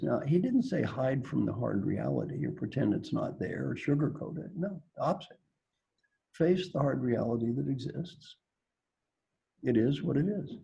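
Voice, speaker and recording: An executive coach answers leaders' questions in an online Q&A, telling stories animatedly and acting out the characters. His medium-pitched voice is a little slow and gravelly with a breathy edge, and the audio is dull.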